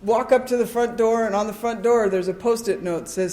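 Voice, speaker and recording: A woman speaking at a recovery convention, sharing her story with an animated, comic storytelling style and frequent "right?" asides to the audience. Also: fairly high pitch, fairly quick, hardly any pauses, reverberant. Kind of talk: personal recovery share before a live audience. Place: convention hall with a live audience.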